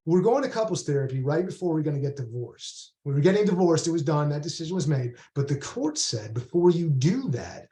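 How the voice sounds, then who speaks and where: A man's voice: on the high side, mellow, roomy sound. A man, the author, reading aloud a rambling first-person monologue from his book, full of conversational asides.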